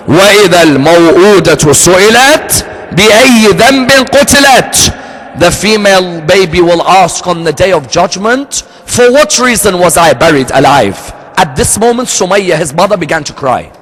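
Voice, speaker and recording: A man preaching a sermon, telling a story with acted-out dialogue and shifting his pitch and pace freely. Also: a bit bright. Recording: long hall reverb.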